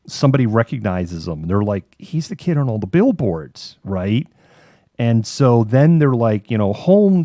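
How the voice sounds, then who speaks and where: A man talks casually on a live online show, with a lowish, mellow voice recorded close and dry. He rambles, restarts his sentences and swears now and then. He jumps into quick character voices as he retells a story. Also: no room sound. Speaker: podcast co-host.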